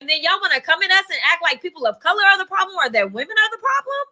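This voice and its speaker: A woman's voice: very high voice, very animated, racing, sharp tone. A woman politician giving a brash, slangy, emphatic speech at a dinner.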